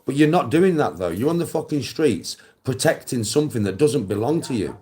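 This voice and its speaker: A man's voice: mid-range voice, big pitch swings, a little fast, darkish tone. A middle-aged man with an English accent, delivering a blunt, coarse, swearing monologue straight at the viewer as a live-stream host. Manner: lectures the viewer directly, answers chat.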